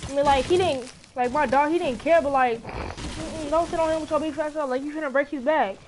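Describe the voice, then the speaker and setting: A woman's voice: high-pitched, fairly quick, very noisy. A young woman talking casually, exasperated and scolding in heavy slang.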